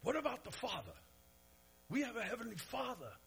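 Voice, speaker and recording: A man imitating a deep-voiced male African pastor-evangelist with a slight African accent, earnestly repeating words for emphasis. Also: very animated, fairly quick, gravelly, a bit bright, husky, full character voice.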